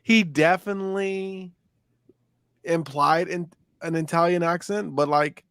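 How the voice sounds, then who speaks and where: A man's voice: a little high, fairly even intonation, measured pace, a bit bright, clean tone, dry recording, studio quality. A young man co-hosting a casual chat podcast, talking in a laid-back, rambling way with lots of fillers and restarts. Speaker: podcast co-host.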